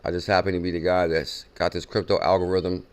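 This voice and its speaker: A man hosts a casual crypto news show in a fairly low voice. He talks in an excitable, chatty way and repeats numbers and phrases for emphasis. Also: brisk, clear, resonant tone. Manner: excitable, repeats and reacts to a played clip. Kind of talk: casual chat.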